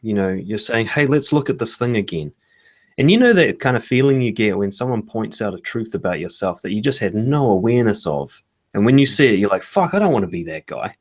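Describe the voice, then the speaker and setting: A man speaking as an author and guest, explaining calmly in a casual interview with occasional swearing. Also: on the low side, brisk. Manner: calm, matter-of-fact, casual swearing.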